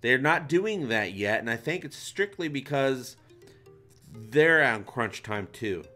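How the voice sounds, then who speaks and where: A man's voice: mid-range voice, lively intonation, takes it slowly, sharp tone, faint music behind. A man hosting a livestream, chatting loosely and reading out viewer comments, with casual swearing. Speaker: livestream host.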